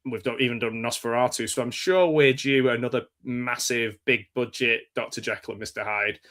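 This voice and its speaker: An English man talks film in a loose, meandering way, circling back on himself and joking at his own expense. His voice is bright and forward. It's a relaxed, casual podcast chat. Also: medium pitch. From England. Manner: rambling, self-deprecating, quick jokes. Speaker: podcast co-host.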